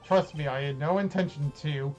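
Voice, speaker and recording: A formal, brooding male prosecutor from a video game, read by a man. He speaks in a measured, even-tempered way in a fairly high voice, faint music under him. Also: highs cut off, lightly acted. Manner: measured, formal inner monologue. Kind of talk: reading game dialogue aloud.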